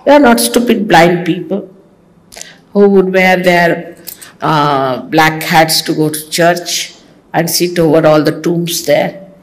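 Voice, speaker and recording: A woman's voice: fairly low pitch, takes it slowly, rough recording. A woman giving a sermon to her followers, teasing and scolding with humor. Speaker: spiritual teacher.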